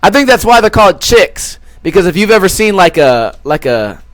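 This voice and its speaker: A young man with a high voice tells a rambling, foul-mouthed story as a podcast host. He keeps slipping into quick put-on voices for the people in it. The sound is dry and close, with no room echo. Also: big pitch swings. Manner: crude, rambling, swears a lot, acts out quoted voices. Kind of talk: casual storytelling.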